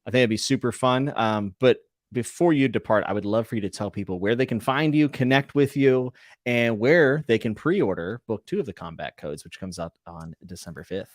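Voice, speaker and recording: A man's voice: medium pitch, expressive, normal speed, no room sound, clean studio sound. A man hosting a podcast interview in casual chat, enthusiastic and chummy, laughing often, in an office. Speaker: podcast host. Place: hot indoor office.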